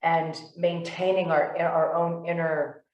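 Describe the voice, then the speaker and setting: A woman co-hosting a casual conversation, animated and full of "like"s and restarts. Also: fairly low pitch, takes it slowly, reverberant, recorded from a distance, muffled recording. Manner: animated storyteller, many "like"s and restarts. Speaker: podcast co-host.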